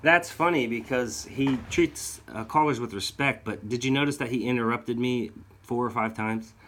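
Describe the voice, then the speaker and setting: A man's voice: mid-range voice, normal speed, fairly bright tone, a little hiss or hum. A man narrating a video in an accusatory, sarcastic tone. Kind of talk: scripted narration.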